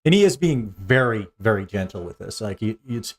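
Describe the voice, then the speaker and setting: A man narrating a tabletop role-playing game as game master, animated and often restarting his sentences. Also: fairly low pitch, fairly quick.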